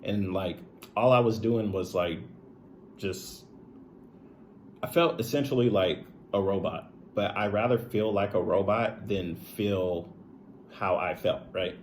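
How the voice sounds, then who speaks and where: A man's voice: low voice, takes it slowly, a little hiss or hum. A young man telling a personal story to camera in a rambling, candid way, full of "like" and "right?". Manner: rambling, heavy use of "like" and "right?"; earnest, candid and confiding. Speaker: streamer and video creator.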